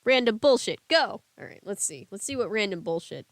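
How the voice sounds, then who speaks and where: A woman's voice: mid-range voice, lively intonation, a little fast, no room sound. A woman streamer reading a book aloud and chatting casually with her live chat.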